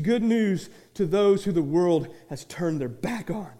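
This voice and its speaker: A pastor preaching with a high voice that carries. He builds to shouted, repeated lines, then drops to quiet, chatty asides and acts out the people in his stories. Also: lively intonation, measured pace. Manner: restarts and acts out little dialogues. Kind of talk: sermon.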